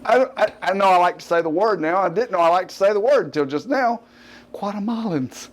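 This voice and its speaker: A man's voice: high-pitched, lively intonation, fast talker. A middle-aged man with a Southern accent hosting a fitness TV show, talking casually, rambling and cutting himself off with joking asides. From US Gulf Coast. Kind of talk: casual unscripted TV talk.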